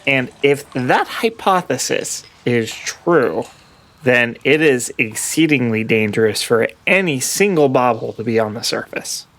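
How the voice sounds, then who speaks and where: A man playing a tabletop role-playing game, speaking in character in a measured, wry way. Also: mid-range voice, expressive, fairly bright tone. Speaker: player.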